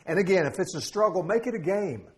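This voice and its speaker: A man's voice: high voice, animated, fast. A middle-aged man preaching a sermon as pastor, conversational and humorous, with jokes and asides. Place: church sanctuary.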